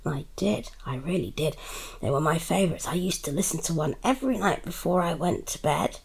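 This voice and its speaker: Fussing, motherly woman with a creaky voice. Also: low voice, lively intonation, a little fast, a little mellow. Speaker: mother in a role-play. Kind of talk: role-play.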